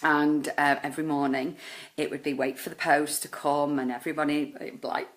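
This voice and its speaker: Low-pitched woman, life coach, earnest and emotional storytelling. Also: steady tone, a little fast. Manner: earnest, emotional, many fillers and "oh my goodness". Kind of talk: personal storytelling.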